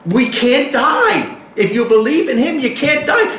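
A man preaching a sermon in an animated way, acting out the quotes he reads. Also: very high-pitched, unhurried, few pauses, reverberant, poor audio.

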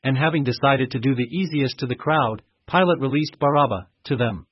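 A man giving a steady, measured reading of scripture. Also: medium pitch, slightly rough, no room sound. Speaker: scripture reader. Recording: muffled dry recording.

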